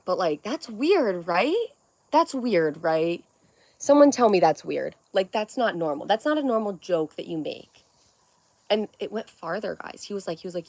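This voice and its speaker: A woman's voice: medium pitch, animated, a little slow, dry recording. A young woman hosting a livestream, chatting casually and rambling as she reads viewer comments aloud, swearing freely. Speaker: livestream host.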